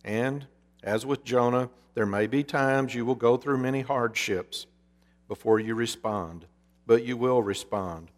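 A man preaching a sermon and telling a parable in a measured way. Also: mid-range voice. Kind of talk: sermon with storytelling.

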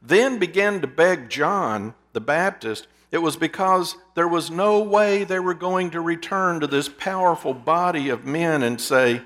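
Dramatic preacher man, hushed asides. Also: fairly high pitch, unhurried, few pauses. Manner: dramatic, poses rhetorical questions to listeners; drops to a hushed voice for emphasis. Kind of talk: sermon.

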